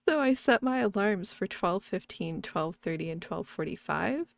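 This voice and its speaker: A woman's voice: mid-range voice, expressive, slow pace, gravelly, long pauses, no echo. A woman streamer chatting casually while gaming, rambling, laughing often and swearing freely.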